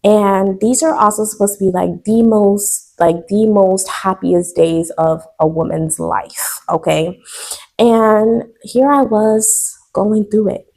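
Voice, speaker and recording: An American woman in her twenties tells a personal story in a casual, emotional vlog, speaking directly to her viewers in a chatty way. Her mid-range voice is dark in tone and slow-paced.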